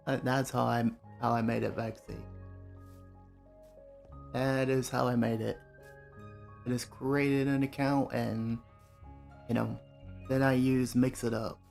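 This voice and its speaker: A man streaming a game, chatting casually and relaxed with his viewers, greeting them by name. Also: medium pitch, gravelly. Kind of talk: casual live-stream chat while gaming. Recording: faint music behind the voice.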